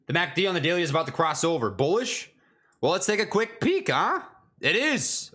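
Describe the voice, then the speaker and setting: A young man chatting casually on his stock trading livestream, excitable, jokey and full of slang. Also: high voice, brisk.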